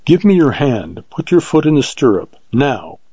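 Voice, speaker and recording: A man reading aloud in his own voice as an earnest, devoted frontier ranger who speaks in a measured way. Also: mid-range voice, very animated, warm tone, breathy edge, dry recording, lo-fi sound.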